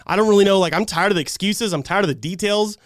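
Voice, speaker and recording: Exasperated man ranting, fairly high voice. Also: quick pace, no echo, studio quality. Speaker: fan channel host. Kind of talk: livestreamed fan game breakdown.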